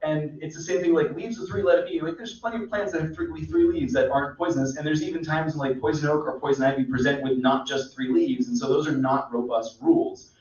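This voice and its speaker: A man, a mycologist guest, explaining in a relaxed, rambling way with many fillers. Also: a little high, quick pace, hardly any pauses, slight background noise. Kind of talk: casual explanatory chat. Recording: echoey, distant, dull sound.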